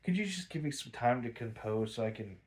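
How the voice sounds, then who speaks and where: A man voicing an older army colonel who puts on a hushed, falsely apologetic tone. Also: fairly even intonation, unhurried, close to an everyday voice. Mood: falsely meek. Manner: low, hushed, falsely meek.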